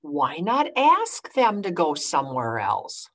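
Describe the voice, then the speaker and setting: A woman voicing a cheerful, caring female pig in a picture book read-aloud, making bright, excited announcements. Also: low voice, takes it slowly, exaggerated voice.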